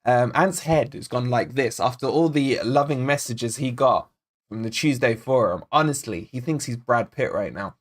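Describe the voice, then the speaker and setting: On a fan channel's live football watch-along, a man originally from Scotland chats excitably, reading out chat names alongside viewer comments and predictions. He talks at normal speed with a mid-range voice.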